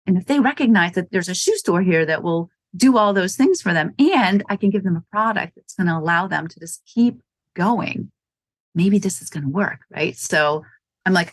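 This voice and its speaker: With a sing-song medium-pitched voice at normal speed and no room sound, a running shoe store owner from Wisconsin chats as a guest in a casual interview. She tells stories, acts out quotes, and laughs frequently.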